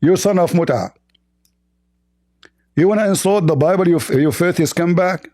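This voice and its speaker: A man hosting a heated live online debate, hoarse from shouting, hurling insults and repeating himself. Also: high voice, moderate pace, no echo, studio quality. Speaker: debate show host.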